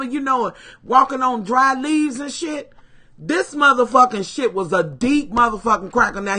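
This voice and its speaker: A woman telling a story to her live stream viewers, animated and full of profanity, calling them "y'all". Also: on the high side. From Kentucky, USA.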